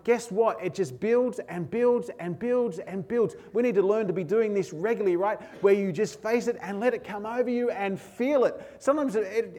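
A man's voice: high-pitched, a little mellow. A middle-aged man preaching a sermon, earnest and emphatic, building his points through repeated lists and refrains. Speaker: pastor.

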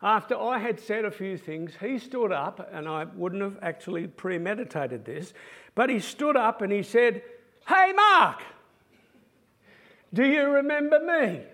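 Animated high-voiced man preaching. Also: moderate pace. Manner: animated anecdotal storytelling. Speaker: former pastoral care pastor. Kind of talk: sermon-style talk.

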